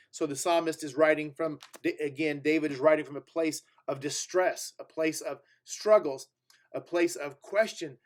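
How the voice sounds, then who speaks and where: A male preacher teaching through scripture in a conversational sermon, reading verses aloud and stressing key words, with fillers and restarts. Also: on the high side. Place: church sanctuary.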